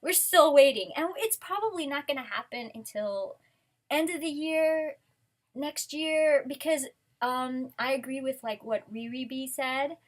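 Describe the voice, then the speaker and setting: A woman vlogger in a casual, rambling chat, excitable and full of restarts. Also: sits high, measured pace. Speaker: fan vlogger.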